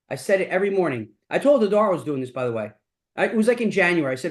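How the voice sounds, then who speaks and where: This middle-aged man hosting a mastermind talks rapid-fire in a high-pitched, sing-song voice. Blunt and profane, his motivational speech loops around the same catchphrases.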